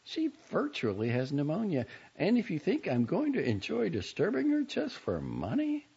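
A man's voice: high voice, huge pitch swings, normal speed, gravelly, warm tone, breathy edge, pitched above the performer's own voice, exaggerated voice. A man voicing a haughty teenage girl with a prim, affected delivery. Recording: dull lo-fi recording.

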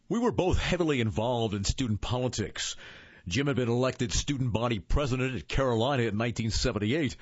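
A man from Iowa narrating his memoir as an audiobook, in an expressive storytelling manner with a husky voice. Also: medium pitch, no echo. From Iowa, USA. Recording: dull, dry lo-fi recording.

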